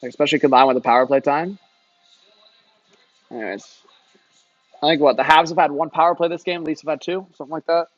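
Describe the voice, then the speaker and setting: A man's voice: on the high side, fairly even intonation, fast talker, long pauses, no room sound, lo-fi sound, soft background music. A young man doing casual live-stream hockey commentary, chatting loosely and answering his viewers. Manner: chatty, reads and answers chat, lots of "like" and "man".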